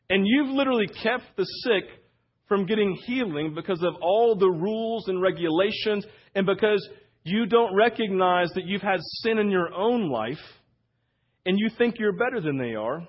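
A pastor preaches a sermon conversationally in a high, animated, husky voice at normal speed, often checking in with the congregation through frequent "right?" asides. He's on a wireless church mic, and the sound is lo-fi.

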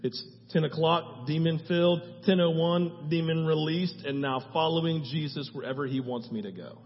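A man preaching in a church, fervent and conversational, pressing his listeners with repeated questions. His voice sits a bit high for a man and rings with a long hall echo. The sound is slightly dull. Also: normal speed. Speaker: pastor. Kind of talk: sermon. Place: church sanctuary.

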